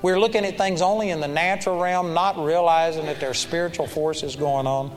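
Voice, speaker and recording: A man's voice: fairly high pitch, fairly even intonation, fairly quick, big-room sound, faint music behind. A man preaching a sermon, telling a story in an earnest, exhorting manner.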